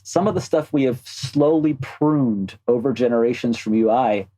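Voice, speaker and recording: A man who works as a game animator, speaking as a podcast guest in a thoughtful, halting way. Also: mid-range voice, dark tone, poor audio. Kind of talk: casual interview chat.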